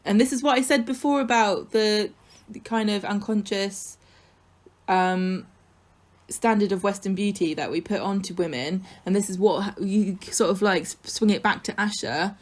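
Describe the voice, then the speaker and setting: A woman's voice: mid-range voice, normal speed. Opinionated woman on a podcast. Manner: opinionated, comments on what the scenes mean. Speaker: podcast co-host. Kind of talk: casual chat recapping a soap.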